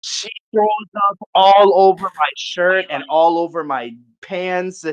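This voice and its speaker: A young man with a high-sitting voice tells a long, animated party story full of profanity on a casual podcast, quickly acting out what his friends said. The sound is lo-fi.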